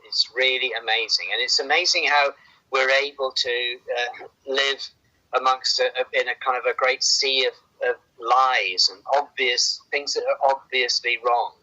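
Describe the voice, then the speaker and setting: Male doctor, earnest and halting, husky edge; dull lo-fi recording. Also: mid-range voice, fairly even intonation, pushed and bright. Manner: earnest, hesitant, repeats words. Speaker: doctor guest on a podcast. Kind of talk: casual conversation.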